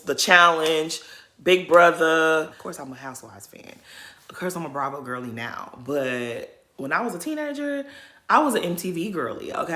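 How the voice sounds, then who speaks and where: A Southern American woman in her thirties chats to her channel in a relaxed, gossipy way. Her voice sits a touch low but sounds bright and forward. She keeps nudging her points home with a quick "okay?". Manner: chatty, tags lines with "okay?". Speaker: YouTuber. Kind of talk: casual chat.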